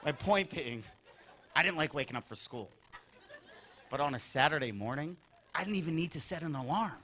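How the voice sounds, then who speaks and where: A high, bright male voice that swings wildly up and down, yelling his punchlines. He performs stand-up into a handheld mic on a club stage, with faint room noise behind him. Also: normal speed, some chatter behind. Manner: animated, yelling bits and voicing his brothers and mom. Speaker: stand-up comedian. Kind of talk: stand-up comedy set.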